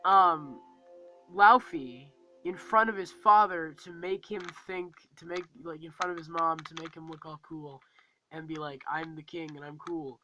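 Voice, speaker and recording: Bright, high-voiced man rambling about a movie. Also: a little slow, faint music behind, rough recording. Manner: rambling, filler-heavy, acts out movie lines. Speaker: movie reviewer. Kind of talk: casual movie review monologue.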